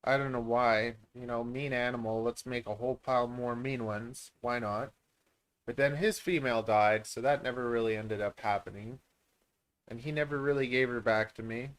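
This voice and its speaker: A reptile breeder from Canada, who runs a channel, chats through a casual live-stream Q&A in a clean, slightly bright, medium-pitched voice. His intonation stays fairly even and his pace moderate. He tends to ramble, joke at his own expense, and lean on lots of fillers.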